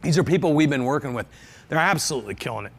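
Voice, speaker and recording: A man with a voice a bit higher than most men's delivers a motivational talk to a live audience. He hammers his points with repetition and sounds earnest and sincere. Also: lively intonation, very fast. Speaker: business speaker. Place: event stage with live audience.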